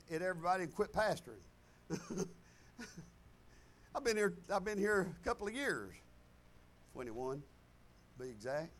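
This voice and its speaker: A pastor preaching a folksy sermon to his congregation, moving between loud declarations and quiet asides. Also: high voice. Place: church sanctuary.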